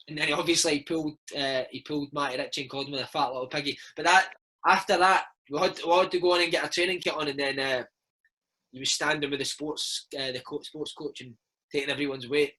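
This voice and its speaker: A Scottish man in his thirties, a former footballer, telling animated stories in a casual interview and slipping into impressions. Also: fairly high pitch, fairly quick, low-quality recording. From Scotland. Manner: animated storyteller, slips into impressions of his old coach.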